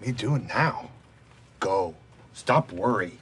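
A slow office worker from a sitcom who talks in stripped-down caveman grammar, leaving out the small words. His voice sits low and unhurried, with each word dropped plainly into place. Faint noise hangs behind him. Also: lively intonation, fairly bright tone. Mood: deadpan. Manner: drops small words, terse broken sentences. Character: slow-talking adult male office worker speaking in clipped caveman grammar. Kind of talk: sitcom acting.

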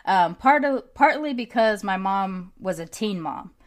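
A woman hosting a casual podcast interview, candid and animated, swearing freely and laughing often as she tells stories. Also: medium pitch, a little slow. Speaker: podcast host.

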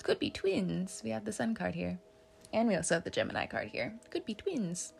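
A woman's voice: mid-range voice, very animated, moderate pace, creaky, breathy edge. A woman giving a casual tarot reading, chatty and joking, laughing often and swearing now and then. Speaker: tarot reader.

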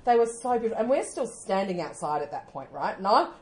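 An Australian woman co-hosting a podcast, telling stories in a casual, animated way and often laughing as she talks. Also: medium pitch, quick pace. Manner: animated storytelling, often laughing mid-sentence. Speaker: podcast co-host.

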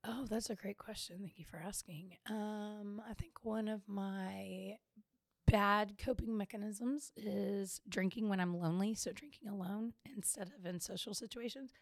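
A woman's voice: medium pitch, fairly even intonation, unhurried, creaky, no room sound, studio quality. A woman co-hosting a podcast in casual chat, chatty and playful, laughing often. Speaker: podcast co-host.

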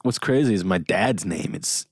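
Rambling, joking low-voiced male host. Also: lively intonation, normal speed, slightly rough, no room sound, clean studio sound. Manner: rambling, joking, frequent laughs and swearing. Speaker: podcast host. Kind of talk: casual chat.

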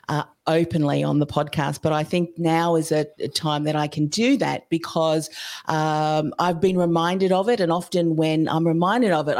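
A woman's voice: low-pitched, a little mellow. A woman hosting a podcast and sincerely sharing a faith-filled personal story with her guest. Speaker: podcast host.

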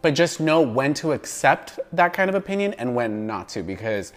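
An American man who is a guest on a podcast, talking in an animated, playful way with frequent laughs. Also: medium pitch, normal speed. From United States. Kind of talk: casual interview chat.

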